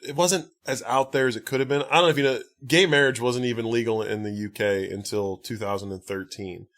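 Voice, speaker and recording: A man's voice: mid-range voice, fairly even intonation, a little fast, a bit bright. A man hosting a podcast, casually retelling a film's plot with many restarts and filler words. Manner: rambling recap, many likes and restarts. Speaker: podcast host. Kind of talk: casual movie recap chat.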